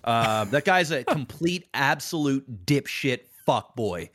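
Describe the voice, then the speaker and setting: A man's voice: mid-range voice, lively intonation, takes it slowly, fairly bright tone, a little hiss or hum. A man co-hosting a podcast, talking casually in a hesitant, stammering way with swearing. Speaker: podcast co-host. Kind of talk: casual chat.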